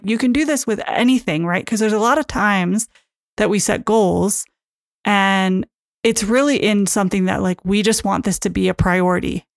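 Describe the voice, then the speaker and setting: Woman podcast host and coach, casual and chatty, mid pitch, close dry mic. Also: no echo. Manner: chatty, filler-heavy, acts out inner thoughts. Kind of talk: casual solo podcast talk.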